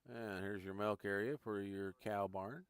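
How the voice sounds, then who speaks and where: Touring a farming game on a live stream, this man talks casually with his viewers and thinks out loud along the way. He has a lowish, clear, resonant voice with a steady tone and measured pace, captured in a dry recording.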